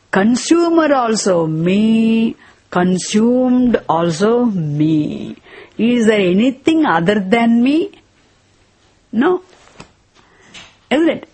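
A woman with a slightly husky, breathy voice teaches scripture at an unhurried pace. She repeats key phrases and keeps asking rhetorical questions. Now and then she chants short verses. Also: on the high side, a little mellow.

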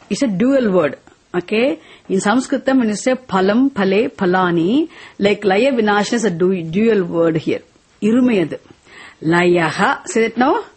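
A woman leads a Sanskrit lesson, speaking slowly and deliberately so each word lands. Her voice is a bit husky and breathy, and she often pauses for students to repeat after her. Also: medium pitch, darkish tone. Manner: slow deliberate explaining, switching into Tamil and chanting verses. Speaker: Sanskrit and scripture teacher. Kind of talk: class lesson with call-and-response recitation.

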